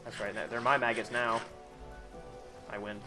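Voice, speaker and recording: A man's voice: mid-range voice, level tone, measured pace, music in the background. A man talking casually to his chat on a live gaming stream, rambling, sarcastic and freely profane.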